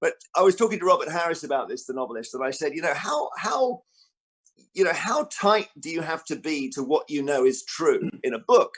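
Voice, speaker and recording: Animated male author telling stories. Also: a little high, a little fast, husky. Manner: animated storyteller, acts out quotes; frequent restarts and fillers. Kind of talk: book festival interview talk.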